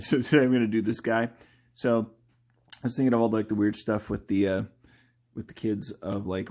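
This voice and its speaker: A man with a somewhat low voice chats loosely as he sketches, thinking out loud and often leaving his sentences half-finished. He laughs at his own jokes and keeps an easy, rambling live-stream manner. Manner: thinks aloud while drawing, often trails off. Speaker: artist drawing live. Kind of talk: casual live-drawing commentary.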